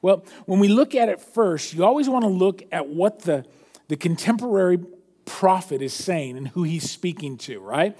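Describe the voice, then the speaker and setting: A man preaching a sermon as pastor, reading scripture aloud and explaining it conversationally, dropping low and soft for quoted lines. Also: lively intonation, moderate pace. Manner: self-correcting, conversational preaching.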